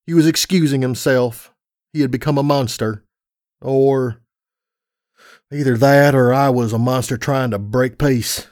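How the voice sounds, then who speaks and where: A man's voice: mid-range voice, steady tone, unhurried, long pauses, a little mellow, no room sound, clean studio sound. A man narrating a first-person fan story in an earnest, dramatic way.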